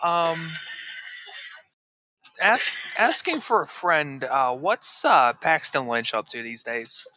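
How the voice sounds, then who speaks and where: A man co-hosting a casual sports podcast, dropping dry, deadpan quips. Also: fairly high pitch, slow pace, muffled recording, noisy background. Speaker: podcast co-host. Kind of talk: casual chat.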